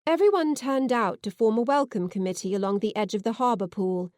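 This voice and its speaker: A woman narrating a science fiction novel in the first person, expressive and heartfelt. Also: a little high, fairly quick, dry recording, studio quality. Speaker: audiobook narrator.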